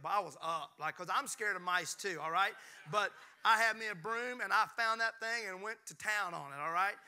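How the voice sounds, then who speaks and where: A fifty-something Mississippi pastor preaches with animation, cracking jokes, making playful asides, and engaging his congregation in call-and-response. His high voice is clear and resonant, moving at a moderate pace with hardly any pauses.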